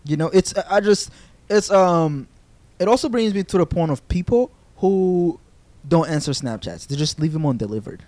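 A young man hosting a podcast, telling a story in casual chat, animated, with swearing and laughter. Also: on the high side, moderate pace, dry recording. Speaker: podcast host. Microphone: podcast microphone.

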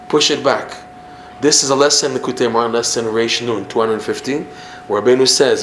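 A man teaching a Torah class in an animated way. He often repeats himself and acts out examples as he explains. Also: mid-range voice, slight background noise. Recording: roomy echo with faint ambience.

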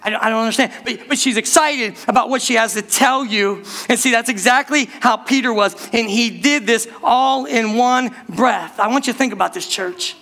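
A man preaching a sermon to his church, animated and calling out to the congregation, rushing some phrases and drawing others out. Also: very high-pitched, vocal fry. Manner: animated preaching, speeds up and slows down, calls out to the church. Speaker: pastor.

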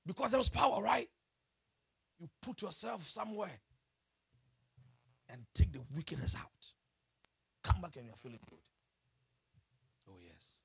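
A man preaching a sermon in an animated way, exclaiming, laughing and putting questions to his listeners. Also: high-pitched, moderate pace, vocal fry, pauses often, breathy edge.

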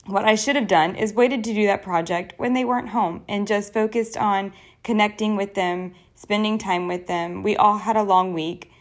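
Woman, young adult, podcast host, earnest, personal, chatty solo talk, mid-pitched voice. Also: steady tone, normal speed, few pauses.

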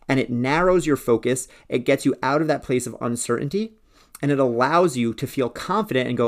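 A man's voice: mid-range voice, moderate pace. A man hosting a solo podcast, speaking in an earnest, persuasive way about working with a coach. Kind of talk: solo motivational podcast talk.

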